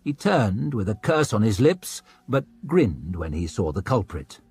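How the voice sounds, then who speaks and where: A man narrating a dark fantasy audiobook in a dramatic reading style. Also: very animated, unhurried, slightly rough, faint music behind. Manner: voices characters with raised pitch and volume.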